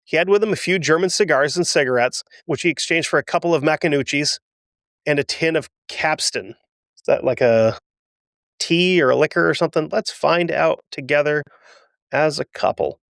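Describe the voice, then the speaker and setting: Brief: male podcast host, slightly high voice, reads history aloud with candid personal asides, dry close mic. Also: moderate pace, gravelly, fairly bright tone, no echo. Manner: emotional, self-deprecating asides between readings. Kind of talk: reading a historical account with asides.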